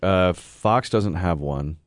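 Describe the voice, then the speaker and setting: Teasing radio co-host with a low voice. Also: male voice, no echo, studio quality. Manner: teasing, quick with comebacks. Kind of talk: casual on-air banter.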